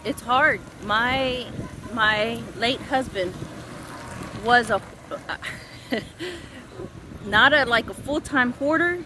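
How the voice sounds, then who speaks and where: A woman in her thirties venting on a casual vlog, rambling and halting, swearing often. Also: on the high side, noisy background. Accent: Southern US. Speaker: vlogger.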